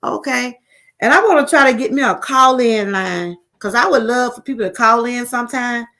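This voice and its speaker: Livestream host, middle-aged Southern woman, slightly high voice, loose rambling talk that circles back to its point. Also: normal speed, sharp tone. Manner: rambling, repetitive, addresses viewers as y'all. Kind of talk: casual live-stream chat.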